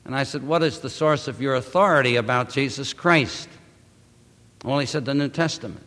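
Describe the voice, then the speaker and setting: A man preaching a sermon, reading scripture aloud and speaking to the congregation with emphatic, drawn-out phrasing. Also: medium pitch, fairly bright tone. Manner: addresses congregation as beloved. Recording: long hall reverb.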